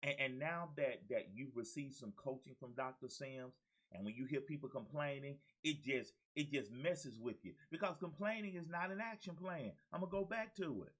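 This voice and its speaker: A man's voice: mid-range voice, normal speed, fairly bright tone, poor audio. A man, hosting his own show as a motivational coach. He talks with exuberant energy, repeats his key phrases and calls out to his listeners like a preacher. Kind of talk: energetic motivational talk to camera.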